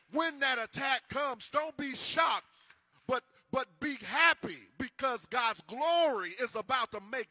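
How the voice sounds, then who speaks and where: A man's voice: very high-pitched, sharp tone, no echo. A man preaching a sermon as pastor, swinging into sing-song emphasis and repeating himself as he builds. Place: church.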